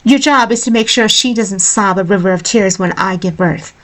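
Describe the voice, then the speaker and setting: A woman's voice: mid-range voice, normal speed, natural voice. Woman doing a haughty concubine, scornful, mocking, storybook. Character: haughty, spiteful royal concubine. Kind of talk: storybook reading.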